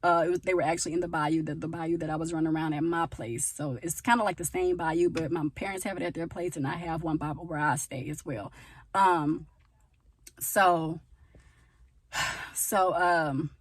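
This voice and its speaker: A woman's voice: sits low, fairly even intonation, normal speed, no room sound. A woman chatting casually to her viewers on a phone camera outdoors, with rambling asides, calling them y'all. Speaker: vlogger. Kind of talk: casual faith-sharing vlog to viewers. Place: outdoors at her parents' home.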